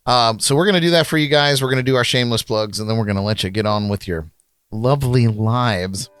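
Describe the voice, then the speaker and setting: A man's voice: medium pitch, fairly even intonation, rapid-fire, fairly bright tone, clean tone, no echo. A man hosting a podcast, chatting casually and laughing along with his guest. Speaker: podcast host. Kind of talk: casual chat.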